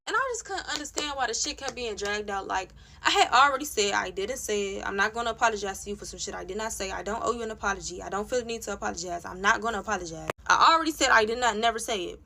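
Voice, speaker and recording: A woman's voice: mid-range voice, fast, vocal fry, few pauses, sharp tone, a little hiss or hum. A young woman vlogger telling a story in a casual rant, blunt and profane, with lots of "like" fillers. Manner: blunt, profane, heated retelling with many "like" fillers.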